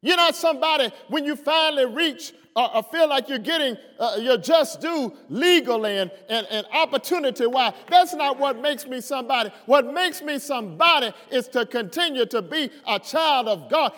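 High-voiced man preaching slow and emphatic, big echoey hall. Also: animated, fairly bright tone. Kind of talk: sermon. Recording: long hall reverb.

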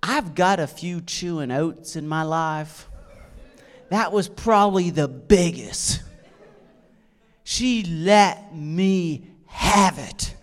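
A man with a fairly high voice preaches a sermon at an unhurried pace. He tells jokey stories from his own life with lively energy and acts out the dialogue, making it a humorous storytelling sermon.

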